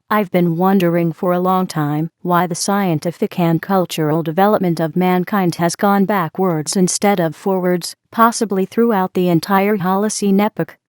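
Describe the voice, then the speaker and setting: A woman's voice: on the low side, smooth, dry recording, studio quality, natural voice. A woman reading as a lecturing woman stranger. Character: talkative woman at a neighboring table.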